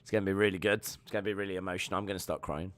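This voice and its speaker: A man's voice: low voice, steady tone, racing, no echo. A young man streaming a live wrestling watch-along, joking, rambling and reading viewer comments aloud.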